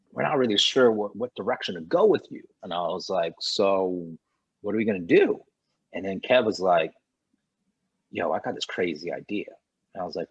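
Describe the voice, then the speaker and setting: A man guest on a podcast, telling a lively anecdote and acting out the dialogue of others. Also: fairly low pitch, slightly rough, lo-fi sound. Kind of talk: animated storytelling in conversation.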